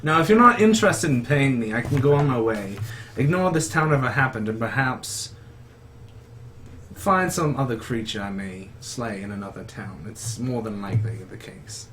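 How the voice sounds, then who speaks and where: A man voicing a boastful, smooth-talking monster hunter and bard who rambles pompously about his fee in a tabletop game. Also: mid-range voice, lively intonation, normal speed, fairly bright tone, lightly acted.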